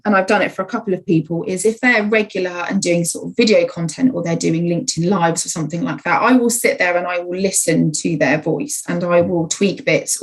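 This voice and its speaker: A woman speaking as a podcast guest, explaining her writing work in a measured conversational way. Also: on the low side, low-quality recording. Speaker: podcast guest, content writer. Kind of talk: conversational interview.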